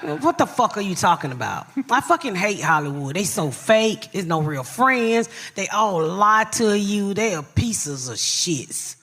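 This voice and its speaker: A woman's voice: medium pitch, big pitch swings, a little slow, few pauses, fairly bright tone, breathy edge. A woman podcast host telling profane comic stories on a live stage, brash and blunt, laughing through her tales.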